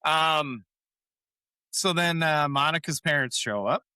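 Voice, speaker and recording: A podcast co-host recaps a sitcom episode in casual conversation, acting out characters' lines and laughing often as he retells it with animation. His voice is on the high side, slow and clean. There's no room sound.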